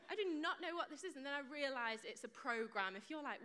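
A woman's voice: mid-range voice, quick pace, few pauses, pushed and bright. A woman preaching to a live congregation in a chatty, playful way, joking and quizzing people, on a close mic that picks up her breathing. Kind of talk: chatty sermon with audience banter. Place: church hall with a live congregation. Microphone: close mic without windshield, audible breathing.

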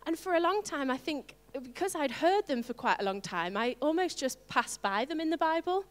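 A woman preaching a sermon to her congregation, animated and playful, with asides to the listeners. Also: high voice, normal speed, big-room sound. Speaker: pastor.

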